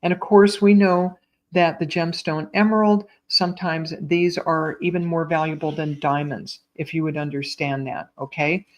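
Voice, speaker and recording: Gentle, reassuring psychic medium woman. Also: deep voice, steady tone, normal speed. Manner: gentle, reassuring, addresses viewers as sweetheart and my dear. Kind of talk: live online psychic reading.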